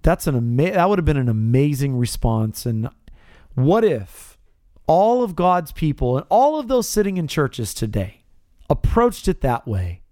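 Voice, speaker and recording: A man's voice: very animated, measured pace, dark tone, no echo. Male radio preacher, emphatic, swooping delivery, dead-dry studio sound. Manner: emphatic, rising pitch on key words. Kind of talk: radio sermon.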